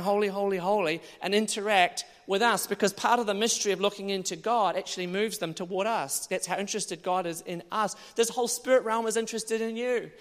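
A male preacher giving an animated sermon, now and then bursting into loud exclamations. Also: high-pitched. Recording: long hall reverb.

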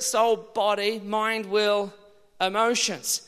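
A man preaching a sermon, telling his own testimony in an animated way, moving from hushed passages to loud ones. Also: high voice, slow pace. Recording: long church reverb.

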